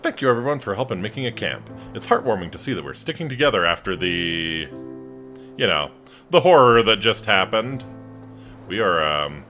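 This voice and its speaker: A man voicing an earnest adult male resort manager who calmly takes charge of a group, in a survival game. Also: lowish voice, normal speed, soft background music.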